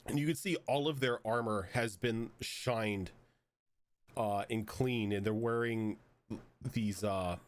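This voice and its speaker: A man's voice: lowish voice, slow pace. A man narrating as game master of a tabletop role-playing game, talking in loose, rambling sentences full of fillers. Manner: rambling, many fillers and restarts.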